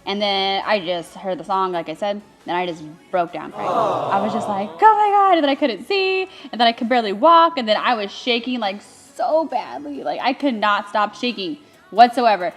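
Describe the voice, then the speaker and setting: A woman's voice: mid-range voice, lively intonation, normal speed, a bit bright, faint music behind. A young adult woman co-hosting, telling a story casually and animatedly, laughing often and getting emotional. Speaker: co-host recounting her engagement.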